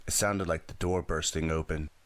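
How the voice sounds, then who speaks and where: A man with a very deep voice narrating a thriller audiobook in a steady, dramatic way. The recording is close and dry, with no room sound. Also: moderate pace, no echo. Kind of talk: audiobook reading.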